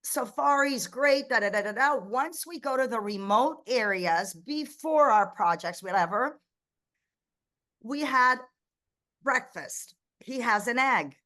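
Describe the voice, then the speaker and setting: A middle-aged woman, a ministry founder raised in the United States, telling stories as an interview guest in a lively way, often restarting her sentences. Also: on the high side, slow pace. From Egypt, raised in the United States. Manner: animated storyteller, frequent restarts and quoted dialogue. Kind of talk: conversational interview.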